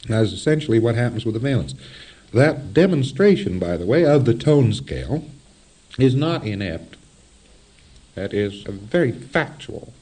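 A man giving a spoken lecture in an animated, wry way with chuckling asides. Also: medium pitch, moderate pace, breathy edge.

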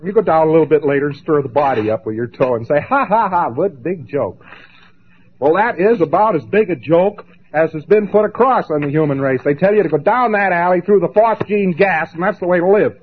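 A man giving a lecture, emphatic and dramatic, with long pauses and mocking asides. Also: a little high, expressive, breathy edge. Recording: tinny lo-fi old recording.

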